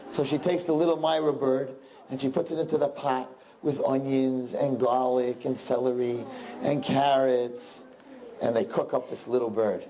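A man telling a long folk joke to a group, animated, with chatty asides. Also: medium pitch, normal speed, rough recording. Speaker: storyteller.

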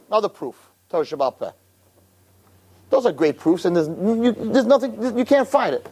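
A man giving an animated storytelling sermon as a religious teacher, who keeps checking in with the audience. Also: sits high, normal speed, slightly rough. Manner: animated, keeps asking "right?".

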